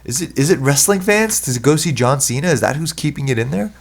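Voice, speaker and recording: A man co-hosting a podcast, talking in casual chat, animated and mocking, swearing freely. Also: on the high side, brisk, gravelly. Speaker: podcast co-host.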